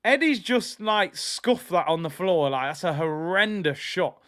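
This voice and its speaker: A man hosting a live football watch-along, reacting loudly to play and reading out viewer comments. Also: a little slow, no echo, clean studio sound. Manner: excitable, trailing off with a low "people"; reads out chat comments between play calls.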